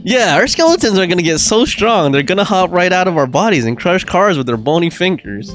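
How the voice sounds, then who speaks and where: A young man hosts a casual game stream, reading dialogue and viewer comments aloud between his own jokes. His slightly high voice leaps all over the place, and he breaks into laughter often. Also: brisk, music in the background. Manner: animated, laughs often, reads game text and chat aloud.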